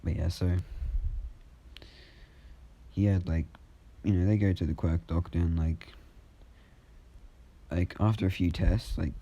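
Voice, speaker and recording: Gravelly low-voiced man telling a story. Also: fairly even intonation, measured pace, long pauses, mellow, lo-fi sound. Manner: rambling, many fillers. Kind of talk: casual improvised fan-fiction storytelling.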